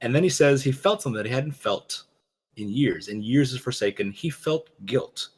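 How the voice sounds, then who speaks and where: A man co-hosting a casual discussion, telling a story with lively quoted lines. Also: mid-range voice, normal speed, husky. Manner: animated storytelling, quoting characters. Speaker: podcast co-host.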